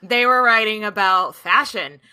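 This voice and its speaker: Bright-voiced chatty woman podcaster. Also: medium pitch, clear, resonant tone. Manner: chatty, swears casually, quick asides. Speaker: podcast co-host. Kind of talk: casual history chat.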